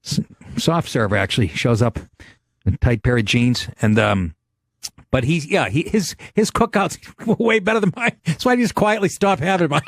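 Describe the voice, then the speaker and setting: A middle-aged man hosting a podcast, telling stories in a brash, profane, animated way. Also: fairly high pitch, no echo. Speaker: podcast host, comedian. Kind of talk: casual podcast chat.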